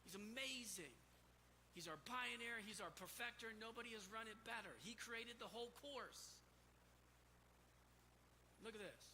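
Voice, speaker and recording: Male pastor, fired-up emphatic sermon delivery, very bright tone, long church reverb. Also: very high voice, normal speed. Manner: impassioned, emphatic, repeats key words. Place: church sanctuary stage. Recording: reverberant hall, faint room noise.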